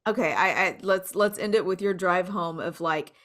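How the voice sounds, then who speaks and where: A woman's voice: fairly low pitch, normal speed, a bit bright. A woman co-hosting a podcast in a casual chat, talking freely and laughing often between sentences. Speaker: podcast co-host.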